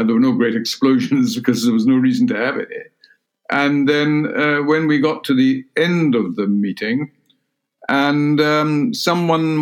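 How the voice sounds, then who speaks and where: Older Scottish man, measured and halting. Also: medium pitch. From Scotland. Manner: measured, halting, many "uh" fillers and restarts. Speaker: interviewee, former cabinet minister. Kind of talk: reflective recollection in a sit-down interview.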